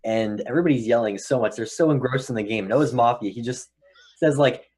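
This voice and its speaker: A man with a somewhat husky voice recounts a funny moment from a game with animation. He acts out the punchlines himself. His pitch is ordinary for a man. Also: a little fast, a little mellow. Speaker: mafia player. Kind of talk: casual chat on a live stream.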